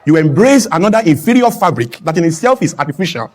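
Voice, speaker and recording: A man from Nigeria speaks with a high voice, building his points with repetition and rising emphasis. He talks as a guest on a studio talk show. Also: big pitch swings, fast talker, a little mellow. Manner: emphatic, rhetorical, mimics broken English with laughs. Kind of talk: impassioned talk-show speech. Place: television studio with a clapping audience.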